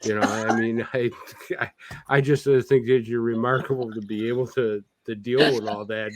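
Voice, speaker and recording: A man's voice: mid-range voice, fairly even intonation, normal speed, background noise. A male radio host interviewing a guest, joking and rambling before asking his question.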